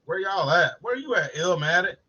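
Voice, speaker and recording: A man's voice: high-pitched, lively intonation, normal speed, bright, forceful tone, slightly rough. Joking profane man on lo-fi stream. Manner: joking, profane, greets chat viewers. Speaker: live stream co-host. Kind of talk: casual late-night live stream chat.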